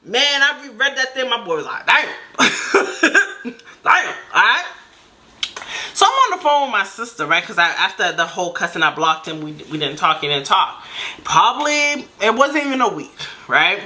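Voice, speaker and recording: A woman telling a personal story to camera in a casual, animated way, acting out what others said. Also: mid-range voice, a little fast, slight background noise. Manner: animated, acts out quotes in voices. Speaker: storytime vlogger.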